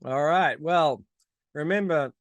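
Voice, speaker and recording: High-voiced joking man, dry sound. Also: slow pace, dry recording. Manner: agreeable, joking. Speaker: podcast co-host. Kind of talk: casual chat.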